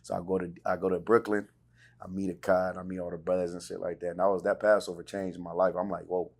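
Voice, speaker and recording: A man's voice: low voice, level tone, quick pace, gravelly, a little mellow. A man from California hosting a podcast interview in laid-back street slang. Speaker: podcast host. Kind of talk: casual interview chat.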